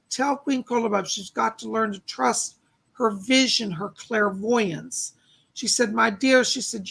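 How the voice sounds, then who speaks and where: Hoarse gravelly male psychic medium. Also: very high-pitched, fairly bright tone. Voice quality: gravelly, husky voice. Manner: relays spirit messages, thanks donors by name. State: losing his voice, clearing his throat. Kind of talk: live-stream reading.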